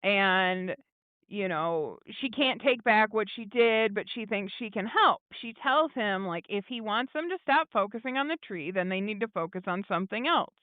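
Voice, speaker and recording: A woman's voice: medium pitch, lively intonation, no room sound. A woman co-hosting a podcast, recapping a TV episode in casual chat, chatty with lots of fillers and laughs. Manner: chatty, laughing, many fillers, quotes characters in quick asides. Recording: thin phone-like dry audio.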